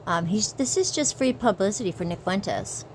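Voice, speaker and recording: A woman's voice: medium pitch, expressive, normal speed, husky, low-quality recording. A woman co-hosting a commentary show in a lecturing, scolding way. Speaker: co-host. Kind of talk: casual commentary.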